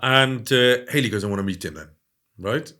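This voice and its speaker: A man telling stories in a casual interview, animated and often adding "right?". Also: mid-range voice, normal speed. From Wales. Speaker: guest.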